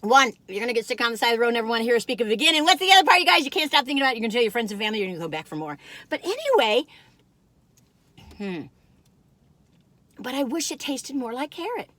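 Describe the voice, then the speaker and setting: A woman's voice: a little high, expressive, fast talker, long pauses, fairly bright tone, no echo. An older woman, chatting casually and rambling to viewers while reviewing food in her car.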